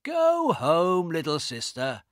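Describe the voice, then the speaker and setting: A man voicing a greedy, cruel young man in a storybook, talking in a slow mocking drawl. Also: on the high side, very animated, a bit bright, no room sound, clean studio sound, voice pushed up.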